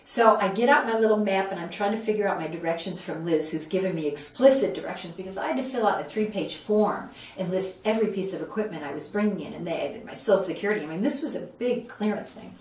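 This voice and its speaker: A woman's voice: medium pitch, fast talker, hardly any pauses. A woman from Buffalo, New York, telling a story as an interview guest, acting out the voices of the people in it. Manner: animated, acts out quoted voices. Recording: roomy echo, mic at a distance, faint background noise.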